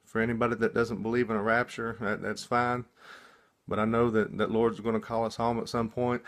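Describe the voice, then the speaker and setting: A man telling about a dream he just woke up from, in a casual, halting testimony full of restarts and repeated words. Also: on the low side, flat delivery, a bit bright. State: just woken up.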